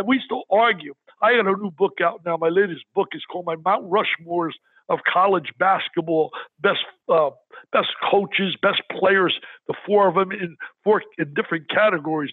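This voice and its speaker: An older man and sports broadcaster telling excited stories in an interview, with animated, exclamatory talk. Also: sits high, no room sound, phone-quality sound. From New York area. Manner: animated, exclamatory, raises his voice for quoted arguments.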